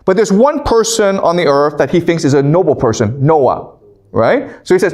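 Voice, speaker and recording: A man lecturing a class in a slightly high-pitched voice. He reads scripture aloud, then paraphrases it in loose, conversational terms, pausing often to ask his listeners "okay?". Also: sing-song, a little mellow. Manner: conversational, frequent "okay?" check-ins.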